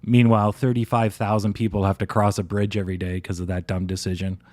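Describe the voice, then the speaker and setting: A man's voice: lowish voice, flat delivery, quick pace, a little mellow, dry recording, studio quality. A man hosting a live stock trading stream, rambling casually and thinking aloud. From Canada. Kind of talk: live stream chart commentary.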